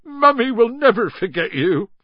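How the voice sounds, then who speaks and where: A man voicing a huge, soft-hearted male gamekeeper who talks gruffly and bumbles along, in a dull, dry audiobook reading. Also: medium pitch, very animated, moderate pace, dry recording. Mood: sobbing.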